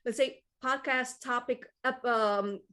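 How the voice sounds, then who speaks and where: A woman's voice: a little high, fairly even intonation, takes it slowly, bright, forceful tone, smooth. Rambling woman in casual chat. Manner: rambling, many restarts and fillers, swears casually.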